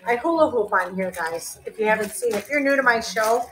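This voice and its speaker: A woman's voice: fairly high pitch, animated, a little fast, fairly bright tone, a little hiss or hum. A woman hosting a live online clothing sale, chatting casually and calling out item sizes, often laughing. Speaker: live-stream seller host.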